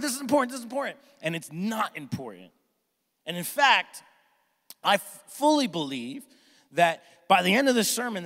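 Animated pastor preaching in a reverberant hall. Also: male voice, high voice. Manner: energetic, jokey, acts out family members with shouts. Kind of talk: sermon. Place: church sanctuary with congregation.

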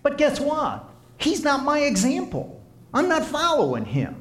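A man preaching a sermon and counseling as he talks, impassioned, swinging from soft to emphatic. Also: very high voice, huge pitch swings, measured pace. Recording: echoey room.

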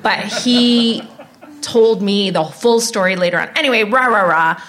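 A woman's voice: mid-range voice, a little slow, a bit bright. A woman comedian guest in a casual podcast chat, telling candid anecdotes.

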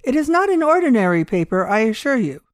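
A woman reading aloud voices a mysterious old man with a white beard, speaking quietly, unhurried and cryptic. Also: on the high side, very animated, no echo, clean studio sound, pitched above the performer's own voice. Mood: calm cryptic.

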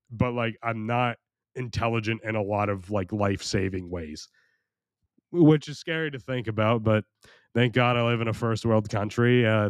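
Young American man with a low, tired, strained voice for a solo podcast, rambling and self-mocking, recorded close and dry. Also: dry recording. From United States. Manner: rambling, crude, self-mocking, frequent restarts. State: strained, worn voice. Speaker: podcast host.

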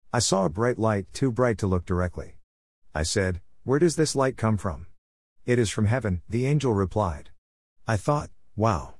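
A man's voice: fairly low pitch, darkish tone, dry recording. A man earnestly narrating a religious testimony in a solemn, scripted way.

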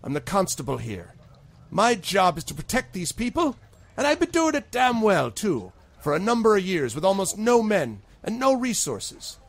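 A woman's voice: medium pitch, sing-song, normal speed, pitched above the performer's own voice. A man voicing a stern, scolding middle-aged woman who is a village constable. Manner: curt, scolding.

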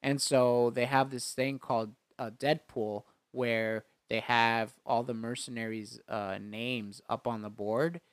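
A man's voice: mid-range voice, fairly even intonation, slow pace, few pauses, clean tone, no room sound. A man in casual chat, animatedly retelling a film scene by scene, often laughing and acting out the characters' lines. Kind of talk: casual chat recapping a movie.

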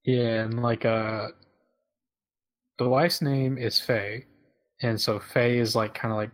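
Young male co-host, casual game recap, relaxed and rambling, middle pitch. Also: slow. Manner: relaxed, filler-heavy storytelling. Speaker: podcast co-host.

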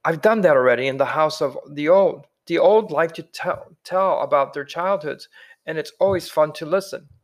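A man's voice: fairly high pitch, moderate pace, natural voice. A man reading the part of an earnest young boy who speaks tentatively and apologetically. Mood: eager.

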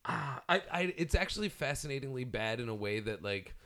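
Gravelly man in relaxed chat. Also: medium pitch. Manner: laid-back, hesitant, quick to laugh. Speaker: podcast co-host. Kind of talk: casual chat.

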